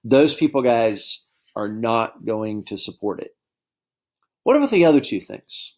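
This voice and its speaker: A man teaching a history lesson in a relaxed, conversational way, often checking in with his students. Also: lowish voice, unhurried. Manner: conversational, keeps addressing students as guys with frequent okay and right checks. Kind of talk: classroom lecture.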